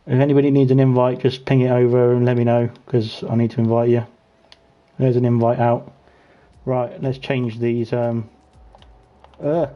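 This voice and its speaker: A man's voice: mid-range voice, dull audio. Chatty British man hosting a race stream. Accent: British English. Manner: chatty, teasing, lively when racing action picks up. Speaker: league race host and commentator. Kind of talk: casual sim-racing stream commentary. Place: home gaming setup.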